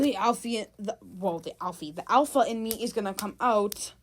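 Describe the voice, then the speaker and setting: A woman's voice: mid-range voice, normal speed, hardly any pauses, breathy edge, no echo. A young woman giving casual gameplay commentary, chatty and exasperated, talking straight to her viewers. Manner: chatty, exasperated, talks to chat. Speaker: gaming vlogger.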